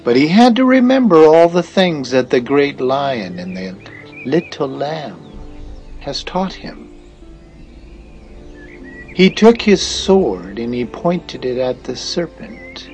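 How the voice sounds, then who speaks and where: A man narrating a storybook tale in a slow, expressive reading. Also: fairly high pitch, soft background music.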